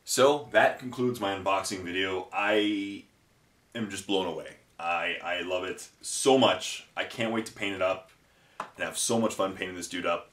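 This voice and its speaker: A man's voice: low-pitched, moderate pace, a bit bright, echoey room. A man hosting a miniature wargaming unboxing vlog, emotional and close to tears, talking effusively with many restarts. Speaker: miniature wargaming channel host.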